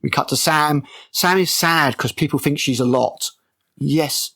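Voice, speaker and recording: A man's voice: on the high side, unhurried, creaky, pushed and bright. A man reviewing a TV episode scene by scene in an exasperated, sarcastic rant. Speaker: TV critic.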